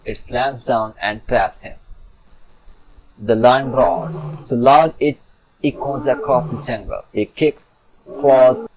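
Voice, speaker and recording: A man's voice: medium pitch, slow pace, a little mellow, poor audio. A man telling a children's fable in a chatty, playful storybook narration with asides to the listener.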